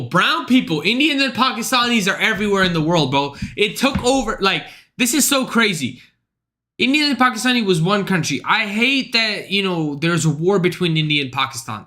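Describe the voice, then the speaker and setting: A man's voice: high voice, pushed and bright. A young man streaming, reacting to clips in casual, profane, slangy commentary. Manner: slangy, talks over clips, says bro a lot.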